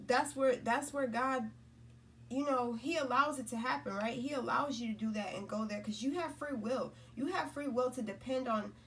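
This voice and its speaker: Woman, spiritual vlogger, loose rambling delivery, higher voice, recorded a little far off. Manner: rambling, repeats herself, lots of "right?" and "you know?". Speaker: spiritual content creator. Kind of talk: casual spiritual talk to camera.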